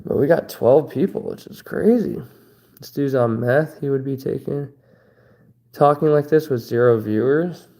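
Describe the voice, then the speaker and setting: A man's voice: mid-range voice, a little slow, dark tone. A man, likely in his thirties, hosting a casual livestream, reading chat aloud and trading loose, profane jokes with viewers. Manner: loose, joking, profane banter. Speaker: livestream host.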